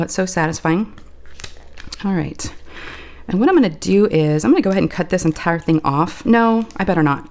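Crafting on camera, a woman who hosts crafting videos chats in a relaxed, homey way and says "y'all." Her allergies have left her voice deeper and scratchy.

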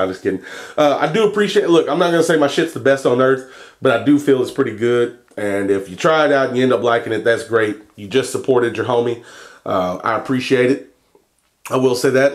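A young man talking casually in a vlog, cursing and joking as he reads a long list of shout-outs and stumbles over place names. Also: mid-range voice. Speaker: vlogger and e-liquid maker.

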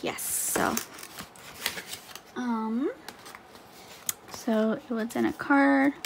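A woman vlogger chatting casually through an unboxing, gushing and excitable with frequent laughs. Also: a little high, very slow, creaky, slight background noise.

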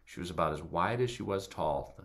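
Very deep-voiced man telling a story. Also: lively intonation, fairly bright tone. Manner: halting, many fillers and restarts. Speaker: guest speaker at church service. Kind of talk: personal storytelling talk.

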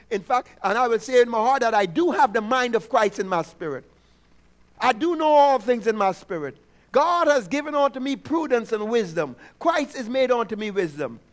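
A man with a strikingly high voice preaches a sermon. He keeps prompting the congregation for responses and repeats affirmations, drawing out key words slowly to stress them. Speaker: pastor.

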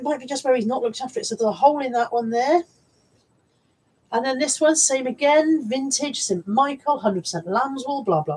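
A Bristol-accented woman with a slightly high, somewhat mellow, husky voice shows her thrift haul on a casual live stream. Chatty and rambling, she repeats and restarts words and reads viewers' comments aloud; the audio is poor.

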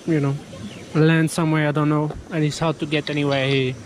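A man's voice: fairly high pitch, level tone, brisk, slight background noise, low-quality recording. Young man vlogging outdoors, blunt and offhand. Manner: offhand, blunt remarks with casual swearing. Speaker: travel vlogger. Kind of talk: casual vlog commentary. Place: outdoors on hiking trails and in caves. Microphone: action camera.

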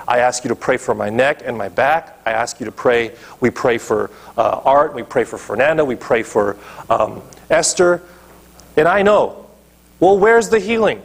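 Male pastor mid-sermon, emphatic, keeps checking in with the congregation; husky tone. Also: mid-range voice, lively intonation, moderate pace. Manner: emphatic preaching, checks in with listeners. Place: church.

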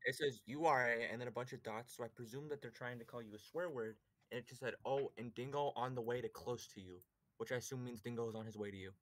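A man's voice: medium pitch, fast talker, a bit bright, no echo. Man reading out viewer questions. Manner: reads questions aloud with playful asides. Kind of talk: comedic Q&A.

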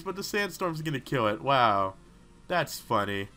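A man giving rambling, excitable gaming commentary, talking back to the characters on screen. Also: mid-range voice, measured pace. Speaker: let's play host.

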